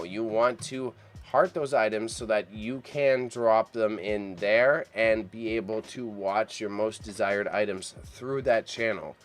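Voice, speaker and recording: Chatty man hosting a live auction stream. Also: medium pitch. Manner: chatty, repeats himself, self-deprecating. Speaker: livestream auction host. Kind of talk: casual live stream chat.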